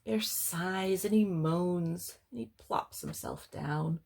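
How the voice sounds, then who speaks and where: A woman librarian reading a picture book aloud for children, slow and gentle, pausing to explain words. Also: fairly low pitch, vocal fry.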